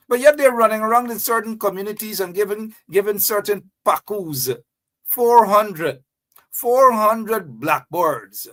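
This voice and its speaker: Male host, raised pitch, mocking sing-song commentary. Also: fairly bright tone. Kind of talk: animated political commentary.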